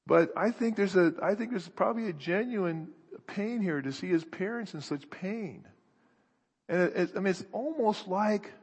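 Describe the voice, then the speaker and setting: Earnest male preacher, a bit high voice, thinks out loud, big hall echo. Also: slightly rough. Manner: earnest, searching, thinking aloud with restarts. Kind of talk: sermon. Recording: echoey hall.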